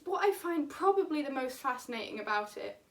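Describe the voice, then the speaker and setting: A woman with a high voice speaks in an animated, chatty infodump, now and then laughing mid-sentence. She sits a little away from the mic. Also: fairly quick, distant mic. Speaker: vlogger. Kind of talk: enthusiastic casual infodump.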